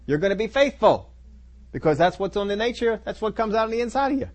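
A man's voice: high voice, animated, fast talker. A man preaching a sermon, speaking in emphatic, repetitive declarations to his congregation.

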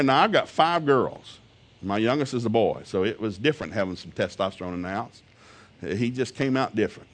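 An older man, preaching and telling a humorous family story in a folksy way that swings from low asides to loud outbursts.

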